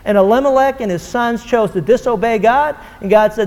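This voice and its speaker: A man's voice: very high voice, fairly quick, darkish tone. A man preaching a fervent, emphatic sermon, acting out quoted dialogue as he goes. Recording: long hall reverb.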